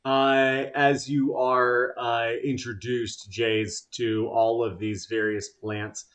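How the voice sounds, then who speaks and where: A man running a tabletop game, talking slowly and stopping often on drawn-out fillers. His voice sits at an ordinary middle pitch. He narrates the scene in a relaxed, unhurried way. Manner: halting, full of "uh" fillers. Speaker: game master.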